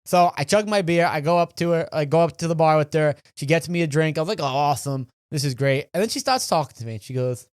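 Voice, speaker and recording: A man's voice: on the high side, fast talker, few pauses, smooth, dry recording, clean studio sound. A young man co-hosting a podcast, casually telling a story and acting out other people's lines. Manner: animated, acts out quoted voices. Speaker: podcast co-host.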